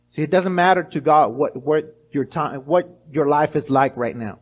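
Man, pastor, middle-aged, high voice, animated sermon, stumbles and restarts. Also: normal speed, hardly any pauses. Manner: animated preaching, acting out voices, many restarts.

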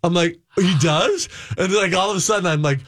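A man's voice: sits high, very fast, fairly bright tone, no echo, clean studio sound. Rambling man telling a story. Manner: rambling, full of fillers and self-interruptions, acts out other people's lines. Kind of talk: casual conversational storytelling.

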